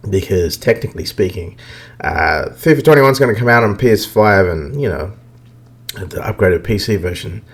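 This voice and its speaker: A man's voice: on the low side, animated, moderate pace. A man hosting a podcast, ranting bluntly and profanely about video games in casual talk. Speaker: podcast host. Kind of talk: casual gaming rant.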